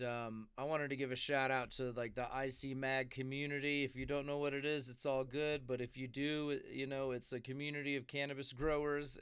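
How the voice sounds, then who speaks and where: Smooth-voiced laid-back male host. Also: mid-range voice, a bit bright, no echo. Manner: laid-back, slangy and chatty. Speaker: podcast host. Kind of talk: casual chat.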